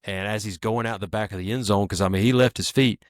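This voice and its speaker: Low-voiced man telling a story casually. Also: fairly even intonation, fast talker, no room sound, clean studio sound. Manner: laid-back storyteller, leans on "like". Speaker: podcast co-host. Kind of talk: casual chat.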